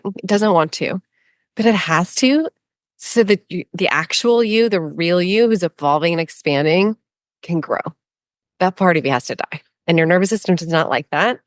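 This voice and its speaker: A woman who is a transformational coach and a guest in an interview, telling her personal story in an animated, emotional way with frequent laughter. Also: on the low side, dry recording, studio quality.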